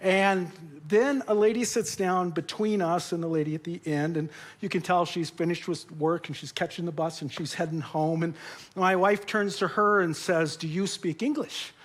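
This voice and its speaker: Middle-aged pastor guy, kinda high voice, jokey storytelling sermon in a church. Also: steady tone, moderate pace. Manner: storytelling, jokey, turns emotional. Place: church auditorium.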